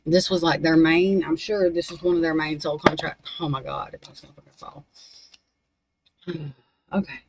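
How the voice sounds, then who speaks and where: A woman's voice: lowish voice, darkish tone, poor audio. A woman reading spiritual cards on a casual livestream, scattered and swearing under her breath as she talks to herself. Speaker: spiritual card reader. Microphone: desk microphone.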